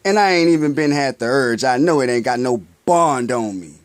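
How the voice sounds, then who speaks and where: Lively man preaching in slangy talk. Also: medium pitch, normal speed, dry recording. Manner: poses rhetorical questions and answers them himself; loose, slangy street talk. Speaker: spiritual vlogger. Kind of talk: casual spiritual monologue.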